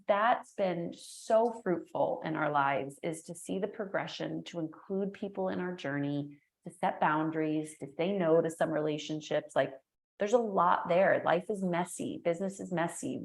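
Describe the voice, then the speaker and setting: A middle-aged woman, a guest entrepreneur and speaker, talking in an energetic, animated way and acting out the voices in her stories. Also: lowish voice, moderate pace, gravelly. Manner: energetic, animated storyteller who acts out quotes. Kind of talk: casual interview chat. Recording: echoey room.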